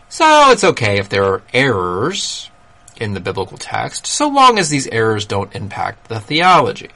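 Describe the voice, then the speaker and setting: A man hosting a solo talk, explaining ideas in a measured, critical way with dry asides. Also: lowish voice, a bit bright. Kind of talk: solo commentary monologue.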